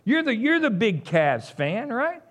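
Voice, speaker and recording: A man preaching a casual, conversational sermon, folksy and animated, leaping from high exclamations to low asides. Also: measured pace. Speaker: pastor.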